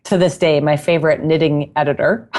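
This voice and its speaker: A woman guest in a casual interview, telling stories in a chatty, animated way and laughing often. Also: low voice, normal speed. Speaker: guest musician and knitting author.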